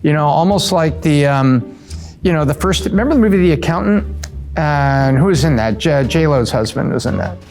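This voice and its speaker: A middle-aged man from the US East Coast answering quick questions in a casual, upbeat way, with fillers and self-corrections. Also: a little high, animated, a little mellow, faint music behind. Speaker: show regular answering rapid-fire questions.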